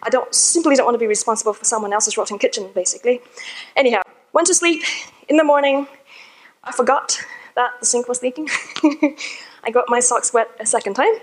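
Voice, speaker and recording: Talking briskly in a higher-pitched voice, a female conference speaker shares a personal anecdote with a live crowd, poking fun at herself and laughing in a chatty way. The audio is poor.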